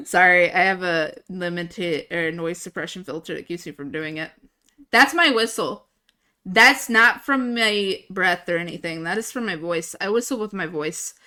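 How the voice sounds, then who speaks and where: A woman's voice: lowish voice, sharp tone. A young adult woman livestreamer in casual, giggly chat at a desktop mic. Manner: chatty, giggly, self-amused.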